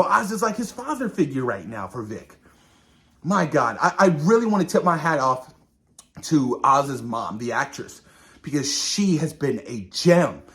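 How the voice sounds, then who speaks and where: A man hosting a reaction video, reviewing a TV episode in a casual, excited way, often calling out to viewers and acting out characters' lines. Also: sits high. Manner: animated, addresses viewers as "you guys", acts out characters' lines.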